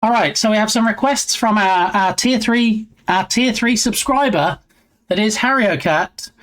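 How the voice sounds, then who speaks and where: A man's voice: high voice, normal speed, fairly bright tone. A man hosting a casual game development live stream, reading chat aloud with rambling, dry, self-mocking asides.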